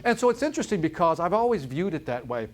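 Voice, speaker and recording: Man, motivational speaker, high and animated, comic storyteller to a live crowd. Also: fast talker. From Chicago, United States. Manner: energetic, joking, keeps asking "right?". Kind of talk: live keynote talk to an audience. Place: conference room with audience.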